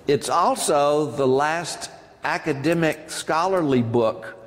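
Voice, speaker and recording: A man's voice: a little high, takes it slowly. A man giving an academic lecture to a live audience, discursive, with frequent ums and asides to his listeners. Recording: long reverb of a lecture hall.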